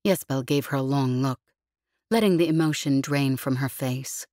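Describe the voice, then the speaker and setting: A woman narrates an audiobook in a low voice with steady, even storytelling. The recording is close and dry, with no room sound. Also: normal speed, no room sound. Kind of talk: scripted narration.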